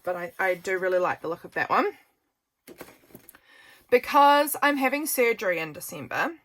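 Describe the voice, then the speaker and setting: A crafting channel host from New Zealand chats casually while she crafts, thinking aloud and poking fun at herself. Her voice is medium-pitched and a bit bright.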